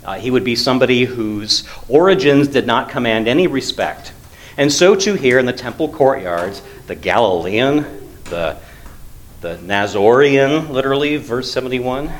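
Speaking at medium pitch, a man teaches through a Bible passage conversationally, using frequent fillers and lively emphasis.

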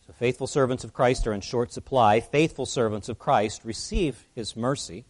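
Earnest male preacher, middle-pitched. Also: normal speed. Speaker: pastor. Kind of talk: expository sermon.

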